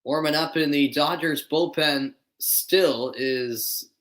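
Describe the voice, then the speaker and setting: A man's voice: on the high side, slow, fairly bright tone. A man from Boston doing live play-by-play commentary, chatting with viewers between plays. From Boston, USA. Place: dimly lit room at home.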